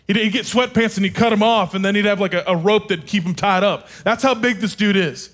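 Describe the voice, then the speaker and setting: A man preaching from a stage, telling his own story in an animated, self-deprecating and humorous way. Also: high voice, fairly quick. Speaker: speaker. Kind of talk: sermon with personal storytelling.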